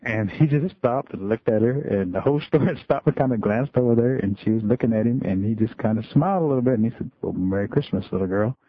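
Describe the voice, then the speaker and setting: A man who works as a school and community storyteller, telling a story in a relaxed, folksy way. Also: mid-range voice, quick pace, few pauses, slightly rough, no echo. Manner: relaxed folksy storytelling, many "just kinda". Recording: tinny phone-like radio line.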